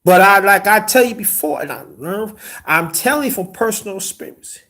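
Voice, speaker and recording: A man's voice: high-pitched, animated, fairly quick, pushed and bright. A man hosting a casual livestream, preaching relationship advice to his chat and dropping to a whisper for emphasis. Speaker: livestream host.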